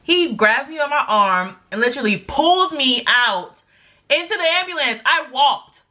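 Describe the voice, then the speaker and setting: A young woman vlogger telling a story casually, acting out quotes with big jumps in her voice. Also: moderate pace. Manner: animated, acts out quotes with big pitch jumps.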